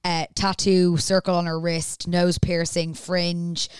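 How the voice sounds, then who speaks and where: A woman's voice: lowish voice, level tone, slow, clean tone, no echo, clean studio sound. A woman, a podcast co-host, chattily recapping a TV episode in casual conversation. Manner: chatty, recaps plot at length with acted-out quotes. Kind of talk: casual chat.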